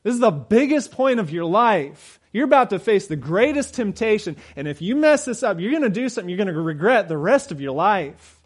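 A middle-aged male preacher with a slightly high-pitched voice delivers a sermon. He moves from loud, urgent pleas down to hushed, low retelling. His delivery is earnest and dramatic. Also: sing-song, brisk, hardly any pauses, husky. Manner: swings from loud urgent emphasis to low quiet storytelling.

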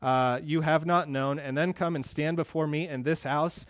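A male pastor preaching an earnest sermon, rising louder when he quotes scripture. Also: fairly high pitch, steady tone, moderate pace, dry recording.

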